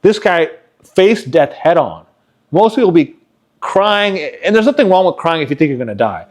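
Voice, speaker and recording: A man's voice: fairly high pitch, sing-song, normal speed, darkish tone. A man co-hosting a podcast, telling personal stories in an earnest, motivational way. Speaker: podcast co-host. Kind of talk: casual podcast chat.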